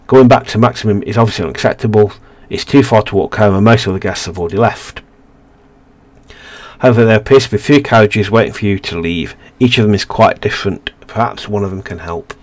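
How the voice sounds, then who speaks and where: A man with a somewhat low voice reads a narrative game aloud for his let's play. He stumbles over words and restarts phrases, with casual asides. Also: fairly quick.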